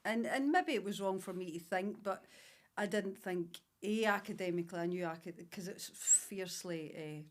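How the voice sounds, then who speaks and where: A woman in her fifties with an Ayrshire accent tells stories from her past on a podcast. Her voice sits low, and she talks with warm enthusiasm. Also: normal speed. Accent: Ayrshire Scottish. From Scotland. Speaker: guest, salon director. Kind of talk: casual interview chat.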